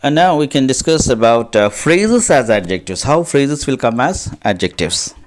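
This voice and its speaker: A male English teacher with an Indian accent talks through a grammar lesson. He reads word lists aloud and drills each word slowly, stretching it with rises and dips in pitch. His voice sits at a middle pitch. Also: very animated.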